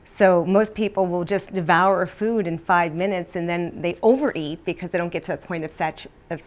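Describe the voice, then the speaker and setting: A woman's voice: lowish voice, normal speed. A woman author as a guest on a talk show, chatting casually and acting out her own inner voice.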